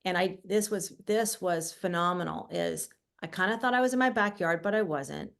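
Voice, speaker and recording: A middle-aged woman telling a personal story in a halting way, with many fillers, going quiet at the hardest parts. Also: lowish voice, gravelly. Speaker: guest author. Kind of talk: personal testimony.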